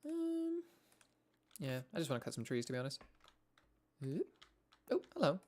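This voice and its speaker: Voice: medium pitch, wildly swooping pitch, moderate pace, darkish tone. A young adult streamer from Wales chatting casually with viewers while playing, sweary and rambling, with lots of asides. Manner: chatty and sweary, with frequent self-interrupting asides. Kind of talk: casual gameplay chat with viewers.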